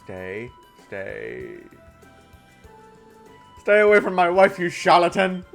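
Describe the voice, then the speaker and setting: A blustering middle-aged police official from a game hurls accusations at full volume, voiced by a man. His voice climbs high and lurches around, loud and pompous. Faint background music plays throughout. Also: sing-song, moderate pace.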